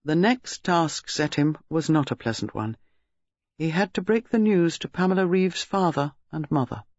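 A man narrating a detective novel in a measured storytelling manner. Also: a little high, animated, darkish tone, no room sound, lo-fi sound. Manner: measured, gives characters distinct voices. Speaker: audiobook narrator. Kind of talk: scripted narration.

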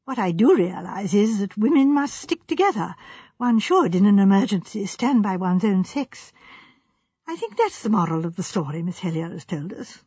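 A woman reading the part of a gentle, fussy old spinster who talks in a prim, hesitant, musing way. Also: mid-range voice, sing-song, moderate pace, husky, no room sound. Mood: firm. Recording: slightly dull, dry recording.

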